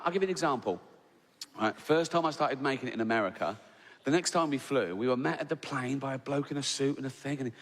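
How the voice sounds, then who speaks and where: A man's voice: mid-range voice, a bit bright. A middle-aged man doing stand-up comedy, chatty and swearing freely, tagging his lines with "right?". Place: large theatre stage. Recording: echoey theatre with faint ambience. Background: audience laughter.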